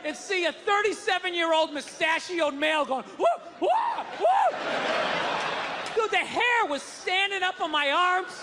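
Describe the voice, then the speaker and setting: A man doing a stand-up set, telling a profane, animated story and mimicking panicked noises. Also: very high voice, normal speed, hardly any pauses, very noisy. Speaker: stand-up comedian. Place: comedy club stage. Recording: live club with loud crowd laughter.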